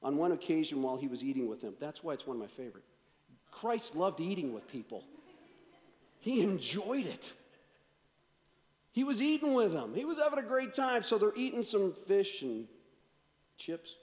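A man preaching a sermon as a pastor, swinging from energetic to hushed delivery. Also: high voice, moderate pace, pauses often, big-room sound.

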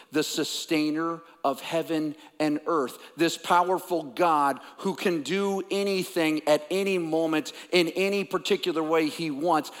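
A man preaching a sermon as a pastor, conversational and then emphatic, sometimes dropping to a whisper. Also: sits high. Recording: long hall reverb.

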